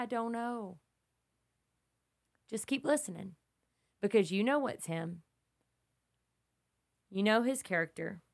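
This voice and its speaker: A woman who is a mother and podcast host, teaching scripture in an earnest, emphatic, storytelling way that stays conversational. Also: mid-range voice. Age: young adult to middle-aged, mother of kids.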